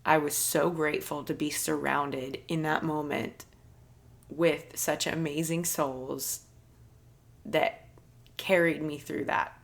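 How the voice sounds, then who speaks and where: A woman hosting a podcast, telling a personal story in an earnest, soft-spoken, reflective way with light laughs. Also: deep voice, level tone, slow, gravelly. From United States. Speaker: podcast host.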